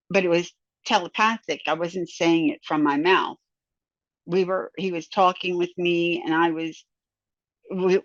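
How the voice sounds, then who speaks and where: A woman recounting a near-death experience as a personal testimony, halting and often repeating or restarting her words. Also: fairly low pitch, no echo. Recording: dull, dry lo-fi sound.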